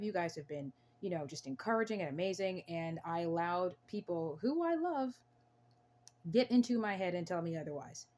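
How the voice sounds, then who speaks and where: A woman's voice: on the low side, darkish tone, slight background noise. A young American woman talking to camera on her own channel, earnest and emphatic, often repeating herself for emphasis. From United States. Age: young adult. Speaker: channel host. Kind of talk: casual to-camera talk.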